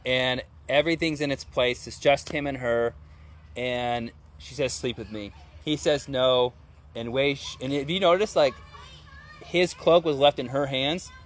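A man's voice: mid-range voice, measured pace. A man preaching a sermon in a conversational way, often asking his listeners rhetorical questions.

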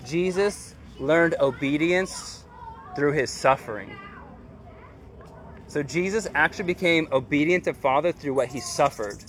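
A man's voice: on the high side, measured pace, a bit bright, slight background noise. A man preaching a sermon as pastor, earnest and conversational, with casual slang.

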